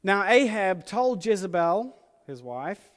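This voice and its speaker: A man preaching a casual sermon, retelling a story in a conversational, animated way and acting out the quoted lines. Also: high-pitched, takes it slowly. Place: church hall with screen. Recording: reverberant hall.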